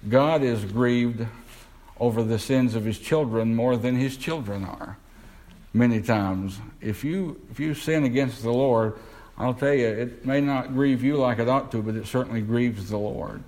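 Man preaching a slow, questioning sermon. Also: mid-range voice, a little mellow, poor audio. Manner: asks the congregation questions, slows down to stress words.

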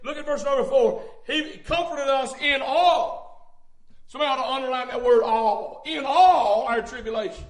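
A man preaching a fervent sermon in a church, swinging from hushed tones to loud shouting and calling out "hey, listen.". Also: extremely high pitch, normal speed. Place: church sanctuary. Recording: echoey church room.

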